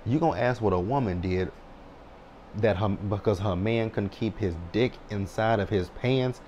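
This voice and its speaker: A man's voice: fairly low pitch, a little slow, a little mellow, dull audio, a little hiss or hum. A man in his thirties giving a blunt, sassy, chatty recap of a reality show. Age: 30s. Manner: sassy, blunt, chatty with frequent "child" and "right?". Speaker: TV recap host.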